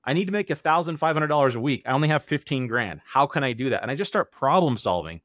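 A man's voice: medium pitch, expressive, quick pace, fairly bright tone, dry recording, studio quality. A man in his thirties, an interview guest, telling his own story in a candid, earnest way and acting out remembered quotes.

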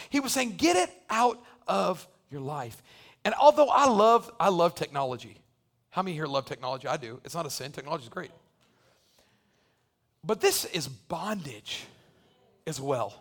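A male pastor delivering an impassioned sermon to a church congregation, joking one moment and shouting the next. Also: high voice. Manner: impassioned preaching that builds to shouting. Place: church sanctuary.

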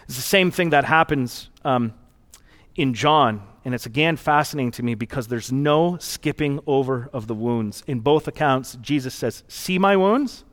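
A man's voice: mid-range voice, moderate pace, fairly bright tone. Earnest conversational male pastor. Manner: conversational, earnest, reflective storytelling. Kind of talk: sermon.

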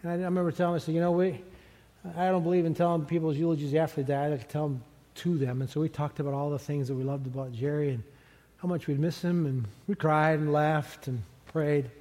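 A middle-aged man preaching a sermon as pastor, conversational and animated, chuckling now and then. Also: fairly high pitch, fast talker. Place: large church sanctuary. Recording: long hall reverb from a church sanctuary.

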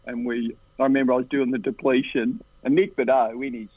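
An Australian man tells relaxed, animated anecdotes in a husky, breathy voice. The sound is thin and phone-like, heard through a tinny line. The recording is dry, with no room behind him. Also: brisk, dry recording. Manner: animated, jumps into higher voices for the people in his stories. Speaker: interview guest. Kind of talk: casual anecdotal storytelling.

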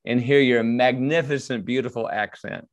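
A man's voice: medium pitch, normal speed, no room sound. A man from Texas, a business coach and author chatting as a podcast guest, effusive and full of fillers. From Texas, USA. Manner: effusive, chuckling, many fillers. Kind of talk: casual interview chat.

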